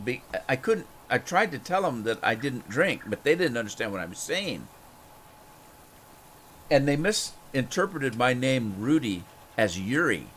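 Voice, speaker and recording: A man's voice: mid-range voice, fairly bright tone, slight background noise. Chuckling man telling a rambling story. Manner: rambling, repeats words, chuckles often; talks to chat viewers. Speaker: gaming streamer. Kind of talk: casual storytelling while gaming.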